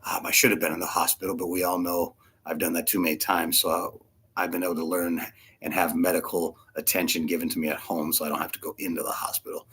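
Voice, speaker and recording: A man preaching a casual sermon, short of breath with fluid in his lungs, animated and laughing often between soft asides. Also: low voice, fast, slightly rough. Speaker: pastor.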